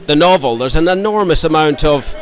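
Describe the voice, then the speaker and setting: A man, the lead actor, talking in a halting, playful way at an outdoor premiere interview. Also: fairly high pitch, animated. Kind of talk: red carpet interview.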